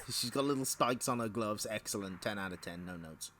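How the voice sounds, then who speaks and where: A man's voice: lowish voice, moderate pace, bright, forceful tone, slight background noise. A man hosting a live-stream comic read-along, chatting casually with frequent laughter and playful asides. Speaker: streamer reading comics aloud.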